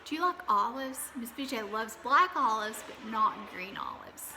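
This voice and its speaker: Female kindergarten teacher, lively up-and-down delivery, exaggerated vowel sounds, echoing room. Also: fairly high pitch, normal speed, slight background noise. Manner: sing-song, exaggerated vowel sounds, coaxing questions. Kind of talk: early-years phonics lesson.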